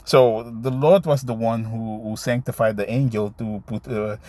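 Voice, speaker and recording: A man teaching scripture in a loose, conversational way, stumbling through fillers as he hunts for verses. He keeps tagging his points with "man" and "you see". His voice sits at a middling pitch, recorded dry and close with no room echo. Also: steady tone, dark tone. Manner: halting, with many fillers and restarts while finding verses. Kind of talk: casual scripture teaching, reading verses aloud.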